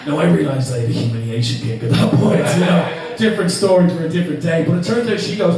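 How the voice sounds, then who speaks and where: A man's voice: fairly high pitch, fast talker, few pauses, darkish tone, distant mic. A man in his twenties from Ireland with a Dublin accent, doing a sweary, self-mocking stand-up set and laughing through his lines. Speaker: stand-up comedian. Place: comedy club stage. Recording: echoey club, mic from afar. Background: audience laughter.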